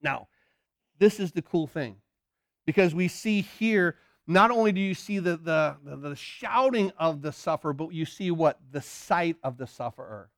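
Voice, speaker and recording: A man preaching a sermon with animated delivery, asking his listeners rhetorical questions and acting out voices. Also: a little high, moderate pace, no echo, clean studio sound. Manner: animated, acts out shouts and crowd voices.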